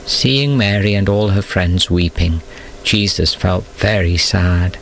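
A man giving scripted storybook narration in a steady, measured reading. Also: low-pitched, a little hiss or hum, poor audio.

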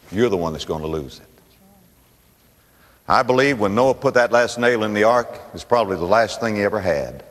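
Animated preacher man in a reverberant hall. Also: on the low side, moderate pace. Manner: dramatic, swinging from loud to hushed. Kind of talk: sermon.

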